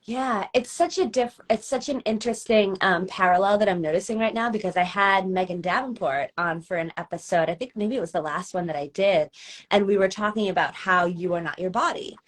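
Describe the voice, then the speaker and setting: A woman hosting a podcast, reflective in casual interview chat, thinking aloud with pauses. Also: mid-range voice. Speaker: podcast host.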